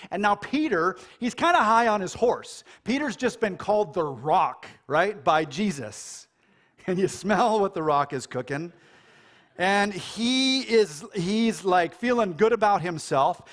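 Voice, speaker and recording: An American man preaching a sermon in a casual, animated way, joking and acting out quoted lines. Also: sits high, unhurried. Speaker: pastor. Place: church.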